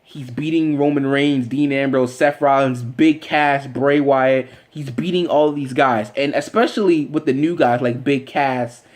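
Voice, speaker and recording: A man vlogger rambling excitedly in casual fan commentary, with lots of fillers and restarts. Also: mid-range voice, unhurried, few pauses.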